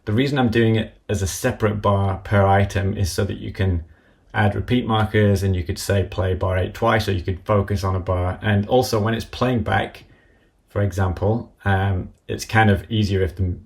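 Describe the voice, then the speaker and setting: A man giving a live-streamed software tutorial, talking methodically through each step as he works at his computer. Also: fairly low pitch, steady tone, moderate pace, creaky. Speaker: app developer demonstrating software.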